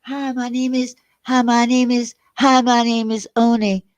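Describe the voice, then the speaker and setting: A sneaky male prank caller putting on a high, put-on Southern lady's voice, as a woman mimics him. The voice sits raised and loud, laid on thick and mocking. It comes across as a clumsy disguise that fools no one. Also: little pitch movement, unhurried, dry recording, natural voice. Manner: mocking, exaggerated.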